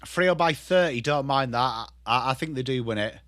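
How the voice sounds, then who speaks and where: An English man in his thirties hosts a casual live watchalong stream, chatting loosely and swearing as he responds to viewers. His mid-range voice is fairly bright and moderately paced, captured in clean studio sound with no echo.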